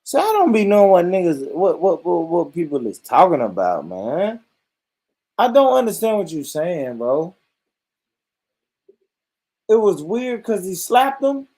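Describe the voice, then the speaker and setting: A man rants to his viewers in a comic, profane vlog, swinging his voice up and down with big energy. His tone sits a little high and has a husky rasp, and he breaks into laughter often. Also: measured pace, pauses often. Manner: animated, swearing, laughing often. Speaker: vlogger. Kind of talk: profane comedic rant.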